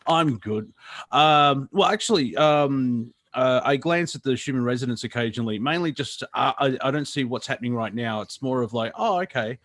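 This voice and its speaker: A man calling in to a talk show, speaking haltingly with many fillers and laughing often. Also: mid-range voice, fairly bright tone. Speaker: caller. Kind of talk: casual chat.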